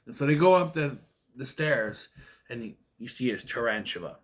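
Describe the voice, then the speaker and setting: A man casually recapping a sitcom episode, rambling and quoting characters in quick asides. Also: medium pitch, lively intonation. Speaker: retro TV show reviewer.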